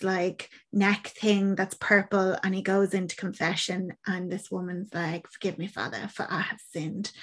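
A young woman in casual podcast chat, retelling a film plot and acting out the characters' lines. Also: medium pitch. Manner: chatty, acts out quoted lines, swears casually.

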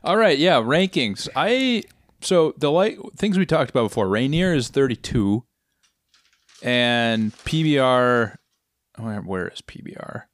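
Animated, playful podcast co-host. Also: male voice, medium pitch, a little slow, dry recording. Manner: animated, playful, laughs easily. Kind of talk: casual beer podcast banter.

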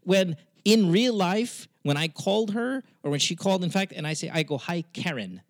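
A man with a Filipino accent hosting a podcast in casual chat, animated and swearing freely, slipping into Tagalog. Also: high-pitched, normal speed, no echo. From Philippines. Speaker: podcast host.

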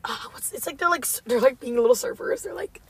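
Breathy young woman, animated storyteller. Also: sits high, fast talker. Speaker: podcast host. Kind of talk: casual chat.

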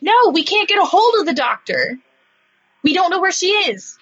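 A woman playing a tabletop game, talking playfully with a bright, high voice. The recording is a little dull, with faint music. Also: big pitch swings, normal speed. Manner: playful, laughing. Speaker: player. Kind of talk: tabletop role-play.

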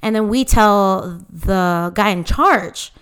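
Smooth-voiced woman telling a story. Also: mid-range voice, takes it slowly. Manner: animated retelling with quoted voices, many fillers. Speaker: podcast co-host and DJ. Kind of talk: casual storytelling chat.

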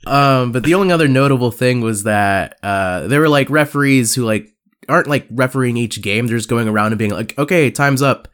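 A young man co-hosting a casual podcast, telling stories and putting on squeaky voices for the people he quotes. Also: brisk, a bit bright, smooth. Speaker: podcast co-host. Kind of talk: casual chat.

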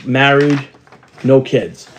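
In a casual podcast chat with slight background noise, a middle-aged co-host speaks slowly at a medium pitch. He rambles through anecdotes, putting on the voices of people he met along the way.

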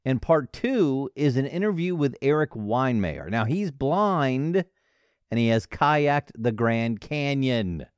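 Playful solo podcast host, man; animated pitch, dry studio sound. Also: takes it slowly, clean tone, dry recording. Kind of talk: casual solo podcast monologue.

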